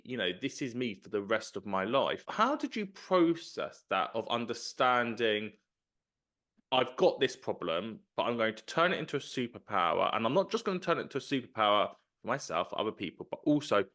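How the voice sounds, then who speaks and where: A man's voice: medium pitch, a bit bright. A man hosting a podcast, asking long, reflective, probing interview questions. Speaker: podcast host.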